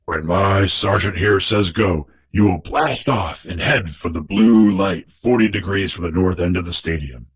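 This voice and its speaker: A man voicing a commanding alien king who speaks in a formal, measured way. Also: deep voice, husky, dry recording, pitched below the performer's own voice, exaggerated voice.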